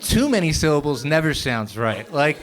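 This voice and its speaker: A young man doing a stand-up set on a club stage, telling stories in a quick, conversational way. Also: on the high side, big pitch swings. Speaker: stand-up comedian. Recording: live club recording with audience noise.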